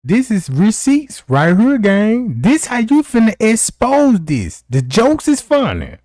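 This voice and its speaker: A man hosting a livestream, talking straight to his viewers in a mocking, animated way. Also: high-pitched, unhurried, no room sound, clean studio sound. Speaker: stream host. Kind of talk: livestream commentary.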